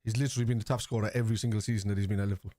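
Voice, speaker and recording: A man with a Cork Irish accent, streaming a live football watchalong, chatting casually and shouting at the referee and players. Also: lowish voice, fairly even intonation, very fast, dry recording, clean studio sound. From Ireland. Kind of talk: live match reaction chat.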